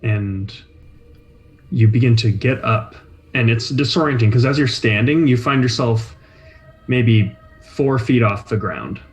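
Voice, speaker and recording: A man narrating a tabletop game as game master, describing scenes in a measured, atmospheric way. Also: medium pitch, poor audio. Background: faint soundtrack music.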